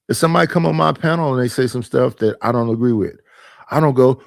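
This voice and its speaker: A man's voice: medium pitch, steady tone, fast talker, creaky, no echo, studio quality. A man hosting his own stream, arguing his points emphatically and repeating them in a casual monologue. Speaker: streamer and panel host.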